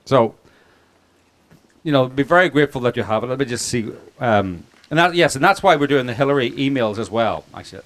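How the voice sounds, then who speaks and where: A man's voice: mid-range voice, lively intonation, brisk. A man with an Irish accent, a documentary filmmaker speaking informally to an audience, rambling and joking with many restarts and asides. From Ireland. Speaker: documentary filmmaker giving a speech. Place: outdoor picnic gathering.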